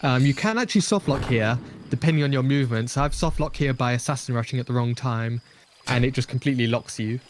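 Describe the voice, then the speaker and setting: A man's voice: mid-range voice, fast talker, slight background noise. A man giving chatty, joking live commentary on a speedrun, explaining game tricks.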